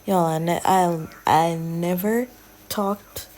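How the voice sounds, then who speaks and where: Slow, soft-spoken young woman vlogger. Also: medium pitch, lively intonation. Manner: soft, drawling, often half-whispered, chatty. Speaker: hair vlogger. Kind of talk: casual hair tutorial voiceover.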